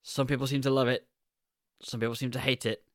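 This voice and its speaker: A man's voice: mid-range voice, flat delivery, brisk, no echo, studio quality. A man co-hosting a casual film review podcast, teasing his co-host and laughing often.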